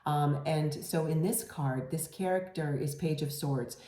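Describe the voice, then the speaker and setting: Low mellow woman doing a tarot reading, soft and reassuring, lots of ums, echoey room. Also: unhurried. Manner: gentle, reassuring, many fillers and restarts. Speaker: tarot reader. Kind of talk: casual tarot reading to camera.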